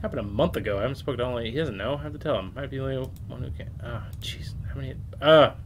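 A man's voice: mid-range voice, racing, a little hiss or hum. A man giving let's-play commentary, rambling and self-mocking as he reads messages aloud and swears casually. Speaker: game streamer.

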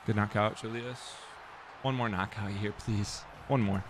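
A man's voice: lowish voice, fairly even intonation, a little slow, a faint crowd, a little hiss or hum. A young man muttering casual commentary to himself while streaming a football video game, self-deprecating and swearing.

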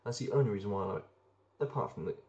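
A man's voice: fairly low pitch, expressive, fast, a little mellow, muffled recording. A young man chatting casually and enthusiastically while reviewing beers, rambling with plenty of ums. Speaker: beer reviewer. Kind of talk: casual beer review vlog.

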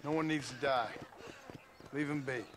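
An actor playing a laconic Western gunslinger in a video game, with dry, understated delivery. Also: male voice, medium pitch, fairly even intonation, normal speed, heavy background noise, lightly acted. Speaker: game protagonist.

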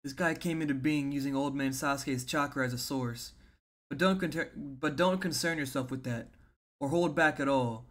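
A man voicing a calm teen boy ninja who gives orders while reading a manga aloud. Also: mid-range voice, normal speed, natural voice. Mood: commanding.

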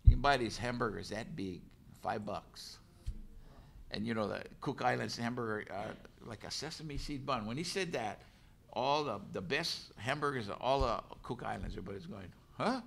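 Gravelly man telling a story. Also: mid-range voice, moderate pace. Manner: animated storyteller, laughs and acts out voices. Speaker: canoe crew member. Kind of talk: storytelling talk.

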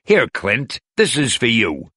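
A man's voice: medium pitch, wildly swooping pitch, slow, bright, forceful tone, husky, no room sound, studio quality, full character voice. A man reading a storybook aloud and voicing a cheerful, fashion-loving superhero woman in a chatty manner. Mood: chirpy.

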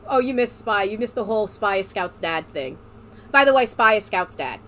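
A woman in her thirties, a streamer explaining game lore in a casual, excitable, rambling way and swearing often. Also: medium pitch, moderate pace, noisy background. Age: 30s.

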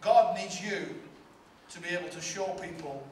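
A man's voice: high-pitched, unhurried, a little mellow, a little hiss or hum. A male pastor preaching a sermon with emphatic, repetitive rhetorical build-ups. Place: large church hall. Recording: echoey hall from far off, faint ambience.

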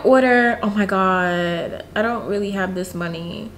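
A woman's voice: medium pitch, a little slow, background noise. A woman casually commenting on her life-sim game in a chatty, slangy, giggly way. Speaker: gaming youtuber. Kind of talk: casual let's-play commentary.

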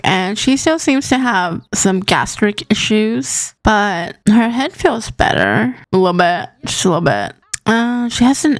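Lively, chatty woman gaming. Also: on the high side, no room sound, studio quality. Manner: chatty, talks to her game characters. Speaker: gaming channel host. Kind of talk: casual gameplay commentary.

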